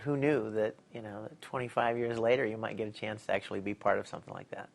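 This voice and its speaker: A middle-aged man, a voice actor, telling stories in an interview with lively energy, laughing and acting out quotes. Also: on the low side, fast, vocal fry, background noise. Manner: animated, laughs often, acts out quotes. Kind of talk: casual interview storytelling.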